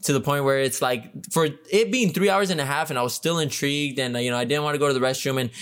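A man's voice: mid-range voice, fast talker, a bit bright, clear, resonant tone. Laid-back man, casual podcast chat. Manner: laid-back, lots of fillers, says bro and dude. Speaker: podcast co-host.

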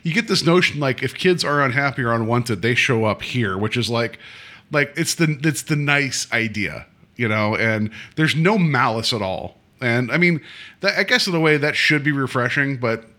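A man's voice: medium pitch, expressive, normal speed, pushed and bright. A man co-hosting a casual podcast, reviewing a TV episode in a rambling, sarcastic way with many restarts. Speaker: podcast co-host.

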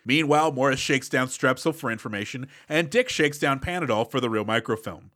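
Movie podcast cohost guy, bright punchy voice, wry recaps, dry mic. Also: mid-range voice, a little fast, no echo. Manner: wry, enthusiastic plot recaps. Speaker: podcast co-host. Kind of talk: casual movie podcast chat.

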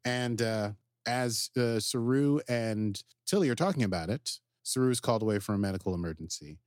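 A man with a fairly low voice talks through a TV episode in relaxed podcast chat, getting excited and jumping high when the plot turns. The sound is dry and close, with no room around him. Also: fairly quick, no echo. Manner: animated, jumps into quoted character voices. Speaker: podcast co-host. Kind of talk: casual recap chat.

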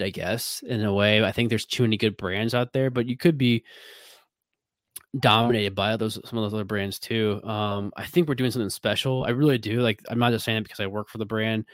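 A man's voice: medium pitch, no room sound. A man with a Midwestern American accent, a whiskey brand ambassador talking loosely in an interview, full of fillers and restarts. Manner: rambling, many fillers and restarts. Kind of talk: casual interview talk.

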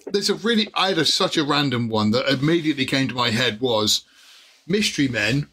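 A man's voice: mid-range voice, expressive, brisk, bright, forceful tone, breathy edge. A man co-hosting a casual movie podcast, telling funny stories and laughing often. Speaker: podcast co-host.

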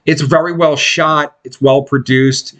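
A man co-hosting a podcast, joking crudely and mimicking people in squeaky voices. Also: steady tone, measured pace, a bit bright. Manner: jokey, mimics others in high voices. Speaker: podcast co-host. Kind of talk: crude casual banter.

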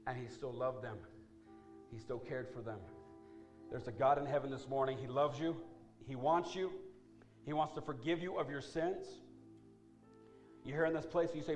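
Emphatic preaching man, soft music behind. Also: steady tone, moderate pace, pauses often. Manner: preaching with rising, emphatic build-ups and soft, low appeals. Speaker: pastor. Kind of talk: sermon with altar call. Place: church sanctuary.

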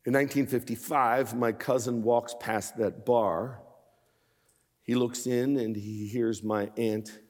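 Preaching man in his sixties, echoing hall. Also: on the low side. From Pennsylvania. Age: 60s. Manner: builds to impassioned emphatic preaching. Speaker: guest preacher. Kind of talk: sermon.

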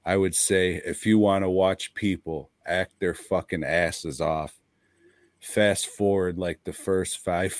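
A man co-hosts a casual podcast in a low, unhurried voice. He is blunt, swears heavily and laughs often. The close recording sounds dry. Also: no room sound. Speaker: podcast co-host.

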